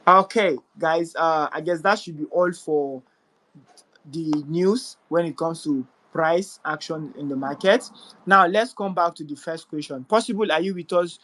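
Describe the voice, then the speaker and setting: A man's voice: a little high, unhurried, pushed and bright, poor audio. A man hosting a live audio chat, giving a crypto market update and repeating figures and questions for emphasis. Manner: rhetorical, questioning.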